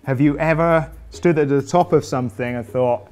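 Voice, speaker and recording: A man's voice: fairly high pitch, moderate pace, a little mellow, soft background music. A British man interviewing a guest, with teasing, playful banter. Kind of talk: jokey casual interview.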